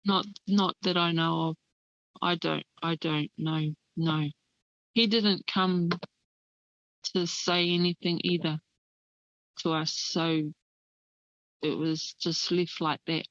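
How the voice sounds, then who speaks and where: A woman answering interview questions in a hesitant, subdued way, with many pauses. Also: low voice, steady tone, fairly bright tone, dry recording. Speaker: interview guest. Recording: dull, lo-fi, dry remote line.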